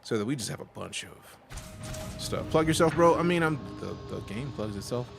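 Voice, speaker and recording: A man's voice: fairly low pitch, moderate pace, gravelly, over music. A man streaming a space game, chatting casually in slang with his viewers and giving voice commands. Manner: animated, slangy, talks to chat and voice commands. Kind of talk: casual live-stream chat.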